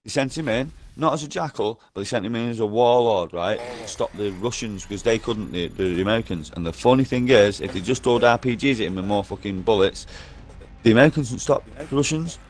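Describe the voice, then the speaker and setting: A man's voice: fairly low pitch, animated, a little fast, slight background noise. A man in an online game party chat, ranting nonstop in a profane, repetitive and insistent way over a headset. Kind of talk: rambling conspiracy rant.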